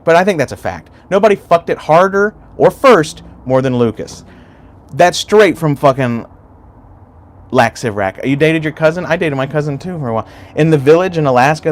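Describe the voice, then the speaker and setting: A man hosting a casual livestream, rambling loosely and swearing freely while he chats with viewers. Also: fairly high pitch. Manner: rambling and profane, chatting to chat. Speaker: YouTube livestream host.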